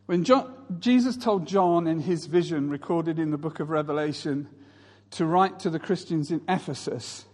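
Male preacher, husky high voice, storytelling sermon, reverberant hall. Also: moderate pace, a little mellow. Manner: storytelling, mimics others in raised voices. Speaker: pastor.

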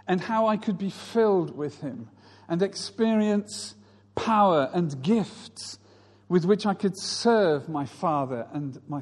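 A man's voice: high voice, darkish tone, long reverb tail. A male pastor preaching a sermon, telling stories and mimicking other people's voices.

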